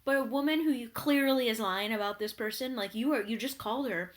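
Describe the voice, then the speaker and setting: A woman's voice: fairly high pitch, a little fast. A woman vlogger giving an exasperated, profanity-laden rant recapping a reality TV show.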